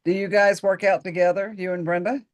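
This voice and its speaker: A woman's voice: on the low side, flat delivery, a little fast, darkish tone. A woman hosting an interview podcast, encouraging and upbeat, affirming her guest often. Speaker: podcast host.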